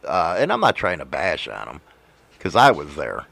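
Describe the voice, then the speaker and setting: A man hosting a podcast, his pitch swinging up and down as he talks. He swears freely and leans hard on his points, and his voice sounds close and dry. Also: wildly swooping pitch, normal speed, vocal fry, fairly bright tone, no echo. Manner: profane, emphatic storytelling. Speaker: podcast host and motovlogger. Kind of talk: casual chat.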